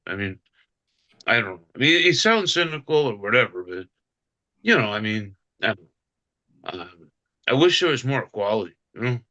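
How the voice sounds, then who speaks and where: A man's voice: medium pitch, very animated, fairly quick, pauses often, bright, forceful tone. A man on a video call who rambles with many fillers, a little grumpy. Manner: rambling, full of "you know" and "I mean". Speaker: call participant. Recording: dull lo-fi call audio.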